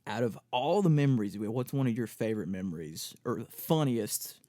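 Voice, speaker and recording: A man's voice: medium pitch, moderate pace, no echo. A young man co-hosting a podcast in casual chat, griping about work and quoting people, swearing often. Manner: profane, quotes people in animated voices. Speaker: podcast co-host.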